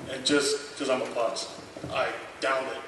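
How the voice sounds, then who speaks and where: A man in his thirties telling a lively anecdote at a convention panel, acting out the dialogue and laughing often. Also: medium pitch, unhurried. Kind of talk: storytelling at a memorial panel. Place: large convention hall. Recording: echoey hall miked from far, noisy.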